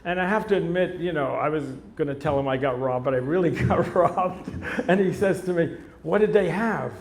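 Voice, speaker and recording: A man's voice: fairly high pitch, fairly quick, roomy sound. A man being interviewed onstage, telling blunt, profane stories. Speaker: interview guest. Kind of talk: onstage conversation. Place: live event before an audience.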